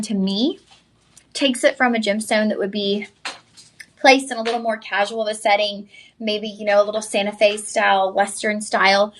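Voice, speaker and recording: A young woman, hosting a live shopping channel and pitching jewelry with chatty enthusiasm straight to viewers. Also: a bit bright, slight background noise.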